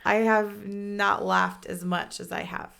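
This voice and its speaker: Gravelly-voiced woman in casual chat. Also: medium pitch, level tone, slow, a crowd in the background. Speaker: podcast co-host.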